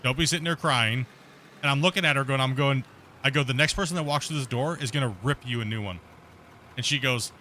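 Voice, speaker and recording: A man's voice: medium pitch, fast talker, slight background noise. A man hosting a live stream, telling a long rambling story in casual voice chat, full of fillers and restarts. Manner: rambling, animated anecdote with many fillers. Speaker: streamer host.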